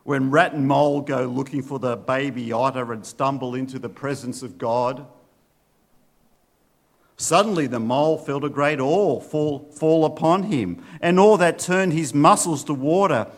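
Slow, earnest male preacher. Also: medium pitch. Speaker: pastor. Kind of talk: sermon with storybook readings and prayer.

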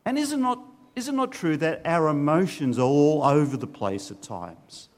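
A man's voice: a little high, lively intonation, moderate pace. A man preaching a sermon, earnest, often putting questions to his listeners.

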